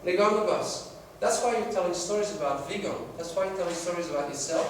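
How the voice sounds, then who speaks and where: Male sales trainer, slightly high voice, workshop storyteller, heard from across an echoey training room. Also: fast, a little hiss or hum. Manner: storytelling, acts out quoted dialogue. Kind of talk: classroom workshop talk. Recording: very echoey room, mic far off.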